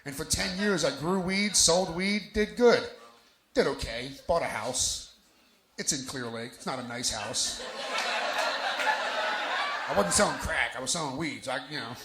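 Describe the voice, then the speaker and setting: A man's voice: fairly high pitch, measured pace, long pauses. A man from New Jersey doing a live stand-up set on a bar lounge stage, brash and profane, working the crowd into his punchlines. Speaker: stand-up comedian. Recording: roomy bar with crowd noise.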